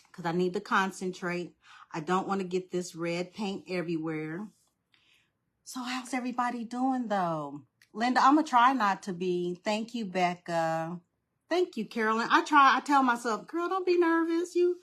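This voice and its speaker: A woman's voice: a little high, fairly bright tone. A woman hosting a live craft stream, chatting casually with viewers and greeting them by name. She talks in an informal, nervous-but-friendly way. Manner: informal, uses "y'all" and "girl". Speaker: craft livestream host.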